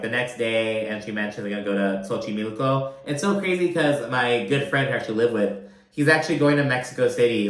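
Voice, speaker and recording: A man's voice: medium pitch, a bit bright. A young man recapping a reality show in casual, rambling commentary, full of fillers and campy asides. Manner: chatty, rambling, lots of fillers, campy mock voices. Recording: roomy echo.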